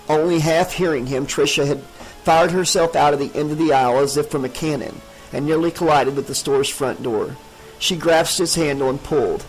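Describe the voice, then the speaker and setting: A man narrating a horror audiobook in a steady, dramatic reading. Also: fairly high pitch, moderate pace, faint music behind, rough recording.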